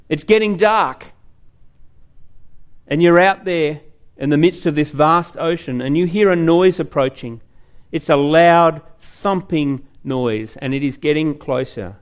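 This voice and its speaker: Earnest male preacher, high-pitched, storytelling sermon.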